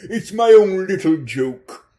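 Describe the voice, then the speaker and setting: A man's voice: high-pitched, lively intonation, slow, warm tone, voice pushed up. A man voicing a toothless, pompous pimp in a raised, mock-genteel voice. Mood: smarmy.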